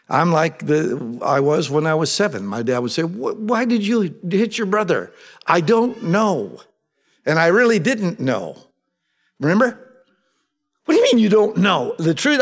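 A middle-aged man preaching a sermon, animated and humorous, mixing scripture with personal stories. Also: on the high side. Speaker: pastor. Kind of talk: sermon with storytelling.

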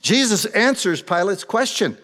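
A man's voice: sits high, very animated, a little slow, a bit bright. A man preaching a conversational sermon, reading Bible verses and then retelling them in plain everyday words. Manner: reads verses, then paraphrases them in plain modern talk. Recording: long reverb of a large hall.

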